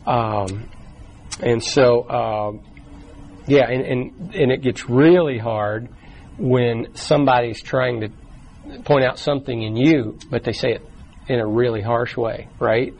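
A man teaches a church small group in a relaxed, conversational way, repeating and restarting words as he goes. His voice sits at an ordinary middle pitch. The room is taped as it is, with a faint background hum. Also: takes it slowly, rough recording. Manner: acts out quoted voices in short bursts.

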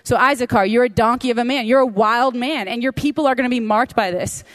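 A woman delivers a conversational sermon, leaning on repeated phrases for emphasis. Her voice sits a little higher than most women's. She breaks off for casual, chatty asides to her listeners. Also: quick pace. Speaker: Bible teacher.

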